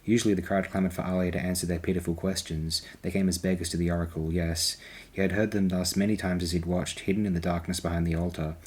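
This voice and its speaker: A man narrating an audiobook in a slow, deliberate, measured reading. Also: deep voice, level tone, a little mellow, slightly rough.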